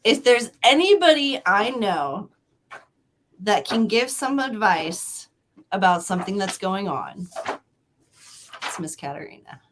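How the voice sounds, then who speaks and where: A woman's voice: mid-range voice, big pitch swings, unhurried, pauses often, background noise. A woman in her forties hosting a casual livestream, chatty and laughing as she reads out personality traits. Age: 40s. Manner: chatty, laughing, spells out hard words. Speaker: livestream host reading birthday personality traits. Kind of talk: casual live chat.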